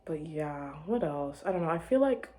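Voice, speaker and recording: A young woman chatting to camera about her life, rambling and restarting, giggling and dropping to quiet murmurs. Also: sits low, expressive, normal speed. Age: young adult. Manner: rambling, self-interrupting, giggly, drops to murmurs. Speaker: vlogger. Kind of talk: casual chat to camera.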